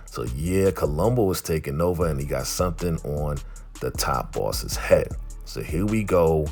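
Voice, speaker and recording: A man with a very deep voice talking through an episode recap in a loose, streetwise way. He chats casually like he's telling a friend. Faint music plays underneath. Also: animated, normal speed, vocal fry, a little mellow. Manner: chatty, streetwise. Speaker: vlogger reviewing a TV episode.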